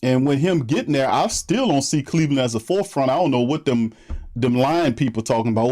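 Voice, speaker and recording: A man's voice: medium pitch, animated, fairly quick, a little mellow. A man hosting a sports livestream, greeting viewers by name in loose, slangy chat and laughing often. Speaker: sports podcast host.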